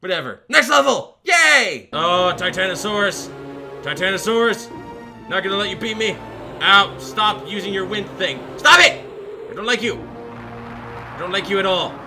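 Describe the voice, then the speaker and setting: A man hosting a gaming video, giving excitable let's-play commentary full of shouting and goofy repeated chants. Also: sits high, normal speed, pauses often. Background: game music.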